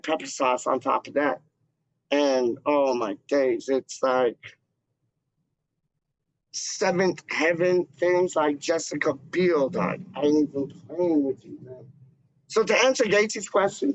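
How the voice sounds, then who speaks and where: A man's voice: fairly high pitch, unhurried, pauses often. Slangy man, rambling. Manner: slangy, loose, full of "like" and "dog" fillers. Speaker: fan channel host. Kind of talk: casual rambling chat to camera. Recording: dull lo-fi dry sound.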